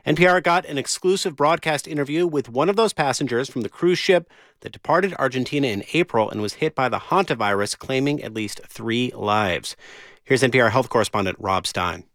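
News anchor guy, crisp intro read, dry studio. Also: mid-range voice, animated, fairly quick, a bit bright, no echo.

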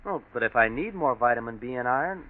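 Ad role: young actor playing jittery eager fellow, emphatic; tinny radio sound. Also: male voice, mid-range voice, lively intonation, fast, close to an everyday voice. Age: young adult. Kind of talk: 1940s radio ad acting. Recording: tinny scratchy old radio broadcast.

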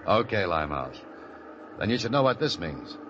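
An actor playing a tough, wisecracking American adventurer with a dry, hard-boiled delivery, in 1940s radio acting. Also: male voice, sits low, big pitch swings, normal speed, noisy background. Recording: muffled old radio recording with music.

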